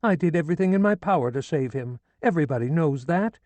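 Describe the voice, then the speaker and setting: A man's voice: sits high, measured pace, mellow, dry recording, voice pushed up. A man voicing a distraught old woman who wails and then scolds indignantly, in an audiobook reading. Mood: indignant tirade.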